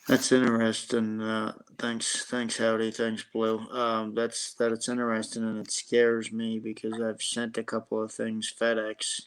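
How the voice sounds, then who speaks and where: A man's voice: fairly low pitch, completely flat delivery, unhurried, hardly any pauses, clean tone. A man hosting a casual live stream about watches, chatting and telling a rambling story. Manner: rambling storyteller, reads chat names.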